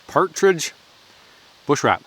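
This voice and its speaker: A man's voice: a little high, big pitch swings, slow pace. A man chatting casually while cooking at an outdoor forest camp, joking and laughing often.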